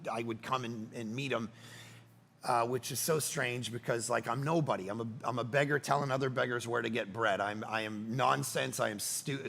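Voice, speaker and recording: A man in his thirties preaching a sermon, telling stories with animated, jokey delivery. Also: medium pitch, creaky. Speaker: pastor.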